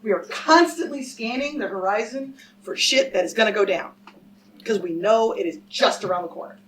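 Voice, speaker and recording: A woman's voice: mid-range voice, normal speed. A woman scholar giving a public lecture and telling a story to a live audience, emphatic and direct, often turning to the crowd with questions. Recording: speaker a little far from the mic, faint background noise.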